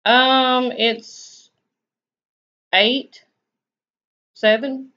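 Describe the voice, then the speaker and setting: A woman's voice: high-pitched, fairly even intonation, extremely slow, pushed and bright. A woman with a Southern US accent, chatting casually on her live stream and answering viewers' comments in a laid-back, drawling way. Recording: dull lo-fi stream audio.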